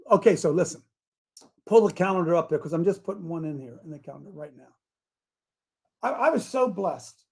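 A high-pitched man rants like a preacher on his own talk show. He drops into low, muttered asides and then climbs into shouting runs. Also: gravelly, breathy edge. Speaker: radio show host. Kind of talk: fiery talk-show monologue.

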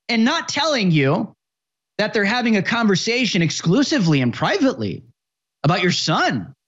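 Male host with a high voice, sarcastic rant, lots of stammered repeats, lo-fi recording. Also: a bit bright. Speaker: talk show host. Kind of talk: ranting commentary.

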